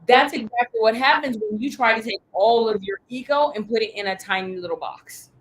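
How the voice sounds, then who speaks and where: A woman coaching a group in an animated, emphatic, blunt way, with the odd curse. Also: on the high side, fairly quick, low-quality recording. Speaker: sales coach. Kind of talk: coaching talk.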